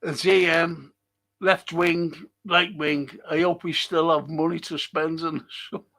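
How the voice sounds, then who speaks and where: A man's voice: a little high, level tone, measured pace, fairly bright tone. A man hosting a live fan show, reading viewer comments and ranting bluntly with plenty of swearing. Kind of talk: live-stream chat reading and rant.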